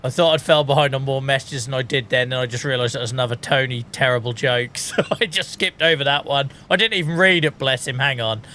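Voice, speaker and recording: Bright-voiced British man ranting, laughing. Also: medium pitch, quick pace, hardly any pauses. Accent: British English. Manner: laughs often at his own jokes, ranting. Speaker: gaming streamer. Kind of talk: casual live-stream chat.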